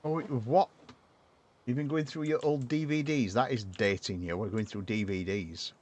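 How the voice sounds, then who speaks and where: A man's voice: mid-range voice, steady tone, normal speed, darkish tone. A man from chatting casually while he builds in a game, rambling and answering his chat as he goes. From northern England. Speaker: streamer. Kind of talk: casual gameplay commentary.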